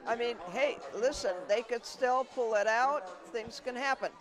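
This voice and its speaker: A woman's voice: a little high, a little slow, crowd noise. A woman doing color commentary for a tennis broadcast, emphatic and encouraging.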